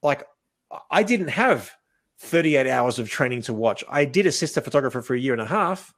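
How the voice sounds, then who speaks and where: A man teaching wedding photography in a casual, animated way, acting out what he says to couples and often restarting his sentences. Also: medium pitch, normal speed. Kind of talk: casual coaching talk.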